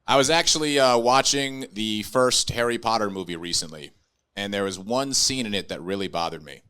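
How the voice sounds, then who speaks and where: A man's voice: lowish voice, moderate pace, bright, forceful tone, clear, resonant tone. A young adult man doing stand-up comedy with a dry, ironic delivery.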